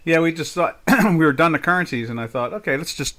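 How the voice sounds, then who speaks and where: A man's voice: a little high, brisk, pushed and bright. An older man hosting a live trading session, giving casual market commentary with folksy, jokey asides and mock exasperation. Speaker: trading webinar host.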